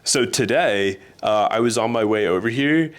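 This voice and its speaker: A man co-hosting a podcast, telling stories in a casual, animated way and laughing often. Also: lowish voice, moderate pace, clear, resonant tone. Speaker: podcast co-host. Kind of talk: casual storytelling chat.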